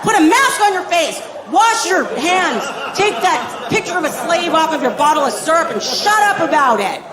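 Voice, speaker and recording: A woman putting on a strict, exasperated stepdad who shouts and scolds everyone. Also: extremely high pitch, fast, reverberant, crowd noise, pitched above the performer's own voice. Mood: fed-up scolding. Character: exasperated strict stepdad, fed up, barking orders. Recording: live audience laughter.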